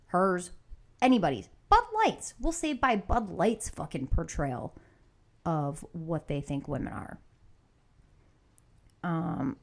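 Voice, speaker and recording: A woman's voice: lowish voice, creaky. A woman hosting a podcast, ranting angrily and sarcastically with constant swearing. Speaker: podcast host. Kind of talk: profane opinion rant.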